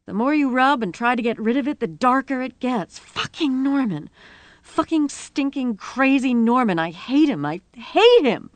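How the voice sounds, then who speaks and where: A woman voicing a battered adult woman who is crying, shrill and furious. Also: moderate pace, creaky, darkish tone, no room sound. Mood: tearful rage. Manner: sobbing, shrill, furious outbursts.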